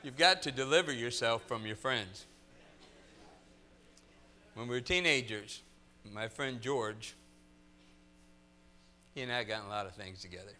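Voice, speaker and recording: A middle-aged man preaching a sermon, telling funny stories in an animated, joking manner. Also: mid-range voice, unhurried, pauses often. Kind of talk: sermon with humorous storytelling.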